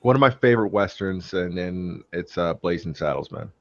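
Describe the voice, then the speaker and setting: A man's voice: deep voice, lively intonation, moderate pace. A man talking earnestly and steering the topic in an online group chat. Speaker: chat participant. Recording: muffled call with faint noise.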